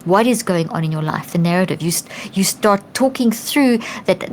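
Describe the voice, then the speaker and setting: A middle-aged woman guest on a podcast, explaining in an earnest, animated way, often restarting and acting out quotes. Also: lowish voice, normal speed, hardly any pauses. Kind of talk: conversational explanation.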